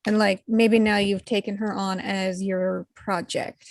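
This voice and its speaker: A woman player casually suggesting story ideas for another player's character, pausing to think. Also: flat delivery, no echo, studio quality. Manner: thoughtful, pitching ideas with hesitations. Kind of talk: casual tabletop game chat.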